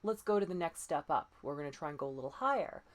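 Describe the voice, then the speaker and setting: A woman voice coach leading breathing and pitch exercises, patient and encouraging, often demonstrating breathy sighs. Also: lively intonation, fast talker. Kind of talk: guided voice exercise lesson.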